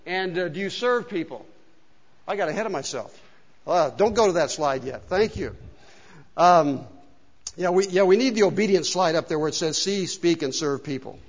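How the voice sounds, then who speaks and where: A man's voice: high-pitched, animated, moderate pace, pauses often. A male pastor preaching a casual, joking sermon and asking the congregation questions, recorded in a church hall. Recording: dull sound with long hall reverb.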